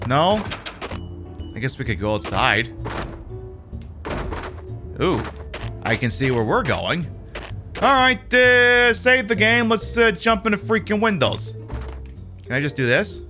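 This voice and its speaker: A man streaming a game, joking and talking back at it, swinging from loud outbursts to low mumbled asides. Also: very animated, slow, long pauses, over music. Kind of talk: casual game commentary.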